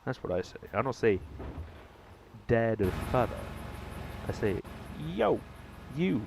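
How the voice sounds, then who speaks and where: A fairly low-voiced American man rambles through a gaming live stream, joking with viewers. Faint noise sits behind his voice. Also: measured pace. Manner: rambling, jokey, talks to chat. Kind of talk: casual live-stream chat.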